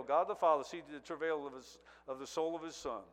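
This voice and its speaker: A man's voice: fairly high pitch, brisk, hardly any pauses, big-room sound. A man preaching a sermon, reading long scripture passages aloud and breaking in with "praise God" and "hallelujah" as he builds intensity. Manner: reads scripture with rising intensity, repeated praise interjections.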